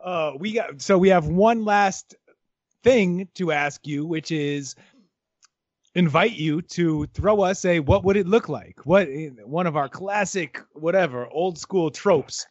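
A man's voice: sits high, takes it slowly, no room sound. A man co-hosting a podcast, chatting in an easygoing way. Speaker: podcast co-host. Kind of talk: casual podcast chat. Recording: slightly dull lo-fi sound.

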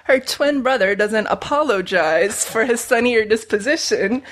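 A woman's voice: fairly high pitch, measured pace. A woman reading her own pun-filled story of the gods aloud to friends and laughing at her own jokes. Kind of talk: casual chat, reading puns aloud.

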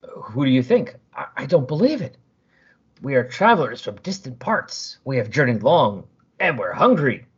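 A man's voice: medium pitch, very animated, slightly rough, dull audio, full character voice. A man doing a cold hungry alien monster. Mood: menacing. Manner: cold, measured menace.

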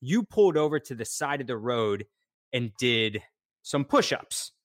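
A man hosting a relaxed interview, drifting through an anecdote and correcting himself along the way. His voice sits in a middle range, recorded dry and close. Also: mid-range voice, measured pace, dry recording. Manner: rambling, self-correcting anecdote. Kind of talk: casual interview chat.

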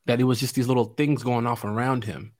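Animated storytelling man. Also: medium pitch, fast talker. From Chicago. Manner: animated, laughing often, acts out quotes. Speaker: guest. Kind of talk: casual storytelling.

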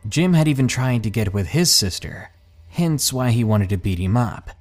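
A man hosting a podcast, narrating listener stories in a measured way with dramatic pauses. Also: mid-range voice, lively intonation. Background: faint background music.

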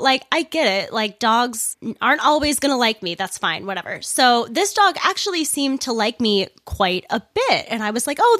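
A woman's voice: on the high side, bright, forceful tone, no room sound, clean studio sound. A young woman hosting a podcast, telling a story casually, swearing freely and laughing as she talks, speaking stiffly around a sore, swollen upper lip. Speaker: podcast host.

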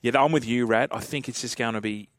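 A man with an Australian accent hosting sports radio, firing off quick, eager questions. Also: mid-range voice, no room sound. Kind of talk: casual sports chat.

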